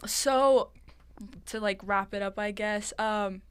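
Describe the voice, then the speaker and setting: Friendly woman interviewer, smooth voice. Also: mid-range voice, slow pace. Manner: friendly, encouraging, many affirmations. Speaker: field interviewer. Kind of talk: casual on-the-spot interview.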